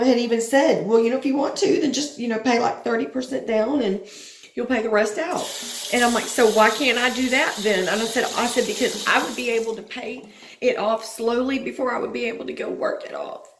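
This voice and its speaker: Frustrated woman venting, gravelly voice. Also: a little high, roomy sound. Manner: frustrated, rambling, swears. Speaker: vlogger. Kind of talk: venting personal vlog.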